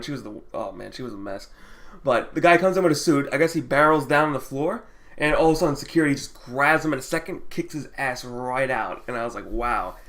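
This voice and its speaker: A man's voice: medium pitch, fairly bright tone. A man telling a story on his vlog in a casual, rambling way, laughing often and swearing freely. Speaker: vlogger.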